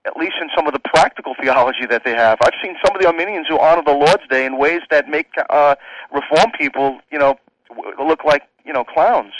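A man's voice: fairly high pitch, a bit bright, no echo, muffled recording. A man, a pastor appearing as a guest on a radio talk show, speaking earnestly and casually, with frequent fillers and restarts. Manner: earnest, many "you know" fillers and restarts.

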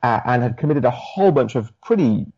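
A middle-aged man with a British accent softened by years in Australia, an Anglican minister answering interview questions thoughtfully, with many fillers and restarts. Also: mid-range voice, lively intonation, a little fast, dull audio. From United Kingdom.

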